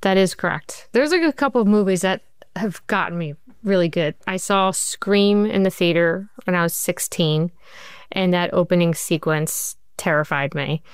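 A woman speaks in an interview as a television writer, her voice very clear and set a little low. She tells stories animatedly, slipping into the voices of people she quotes. The sound is close and dry. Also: moderate pace, no echo. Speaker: TV writer and showrunner. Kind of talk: interview conversation.

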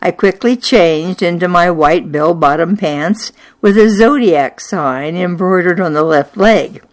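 An older woman telling a personal childhood memory in an unhurried, wry and nostalgic way. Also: fairly low pitch. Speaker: storyteller. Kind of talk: personal memoir storytelling.

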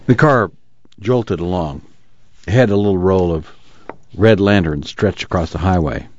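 A man narrating a novel aloud for a radio reading service, steady and measured. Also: sits low. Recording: dry, slightly muffled studio recording.

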